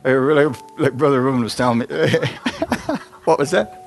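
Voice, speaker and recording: A middle-aged man preaching in a church, with an easy conversational manner that keeps checking in with the congregation. His pitch sits in an ordinary middle range, and soft instrumental music plays faintly behind him. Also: fast talker. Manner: conversational preaching, asks the congregation frequent questions. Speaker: pastor. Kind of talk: sermon.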